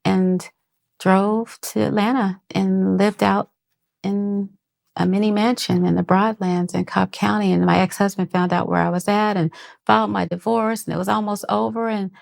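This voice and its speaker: A middle-aged woman telling her own life story as a podcast guest. She speaks haltingly, restarting sentences and acting out the voices of the people she quotes. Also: mid-range voice, little pitch movement, creaky, darkish tone. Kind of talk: personal testimony.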